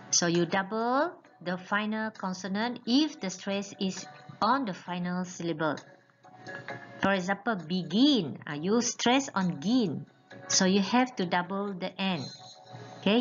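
A woman teaching an English grammar lesson, patiently spelling out letters and often checking in with "okay". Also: medium pitch. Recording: muffled lo-fi recording with faint music.

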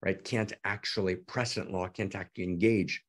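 A man hosting an online gathering on a video call who talks effusively and excitedly to his audience, repeating words and restarting often. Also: low voice, brisk. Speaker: teacher and host of an online gathering. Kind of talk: excited spontaneous talk to an audience.

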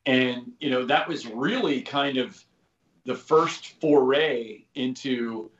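A man's voice: mid-range voice, slow, fairly bright tone. Man, 50s, casual storytelling guest, rambling, swears offhand, dull echoey podcast sound. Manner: rambling, full of "you know" and "like", swears casually. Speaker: guest, former special operations soldier. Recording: roomy, slightly dull podcast audio.

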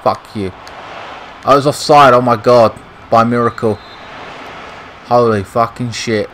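A young British man, a gaming YouTuber, delivers frustrated, swear-heavy commentary over a football video game. His medium-pitched voice is fairly even in intonation, a bit bright and a little slow, on a rough recording with slight background noise.

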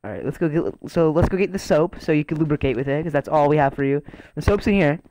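A man's voice: fairly high pitch, animated, fast talker, a little mellow, poor audio. Bossy young man barking orders. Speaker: game player acting as prison guard. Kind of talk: casual game role-play over voice chat.

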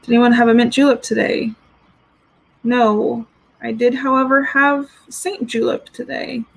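A woman's voice: on the high side, level tone, unhurried, vocal fry, slightly rough, poor audio. A woman chatting casually on a live stream as she reviews fragrances, giggling and reading out viewer comments. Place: home with dogs.

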